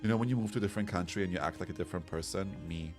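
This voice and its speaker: A man's voice: low-pitched, very fast. A man streaming a game, chatting casually and rambling as he reads chat comments aloud. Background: soft background music.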